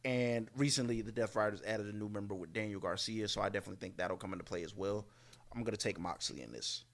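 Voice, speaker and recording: A man's voice: lowish voice, fast, fairly bright tone. A man co-hosting a podcast, giving casual wrestling predictions with hesitant fillers and joking asides. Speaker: podcast co-host.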